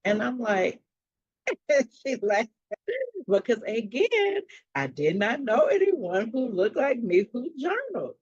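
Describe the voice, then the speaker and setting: A woman's voice: a little high, big pitch swings, slow pace, pauses often, darkish tone, dry recording, highs cut off. A woman, a mental health coach, telling her personal story as a podcast guest, acting out dialogue in a casual, blunt way with slang.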